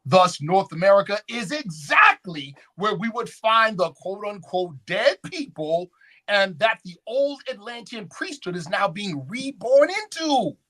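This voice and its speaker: A man's voice: high-pitched, a little slow. A man giving a lecture at a conference, often checking in with the audience with questions. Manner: animated, call-and-response questions. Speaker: conference speaker. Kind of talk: lecture with slides. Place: conference hall.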